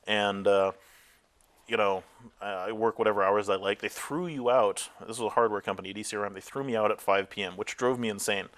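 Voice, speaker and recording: A man's voice: on the low side, steady tone, brisk, a bit bright. A man interviewed as a tech company founder, telling candid stories about his career with frequent fillers and laughing at himself.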